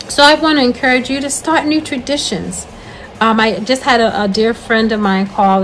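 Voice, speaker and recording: An older woman speaks in an earnest, encouraging talk and returns to her key points again and again, much like a preacher. Her voice sits at an ordinary middle pitch, with a faint hiss under it. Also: poor audio. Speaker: host.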